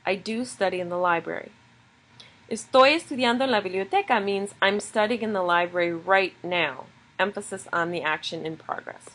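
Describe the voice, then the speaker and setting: A woman's voice: lowish voice, fairly bright tone, rough recording. A woman teaching a recorded video lesson, explaining grammar step by step in a patient way. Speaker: Spanish teacher.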